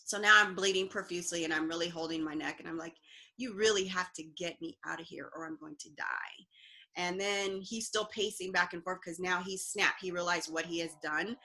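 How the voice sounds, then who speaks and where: A woman's voice: mid-range voice, bright, forceful tone. A woman, an interview guest, earnestly recounting a personal story with fillers and restarts.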